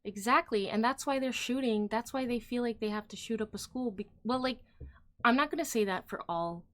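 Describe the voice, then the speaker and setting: A woman's voice: on the high side, brisk, a bit bright. A woman hosting a casual opinion livestream. She rambles with lots of "like" and "um," talks straight to her viewers, and lets her thoughts trail off. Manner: rambling, heavy use of "like" and "um", trailing off; chatty, addresses viewers directly. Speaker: livestream host.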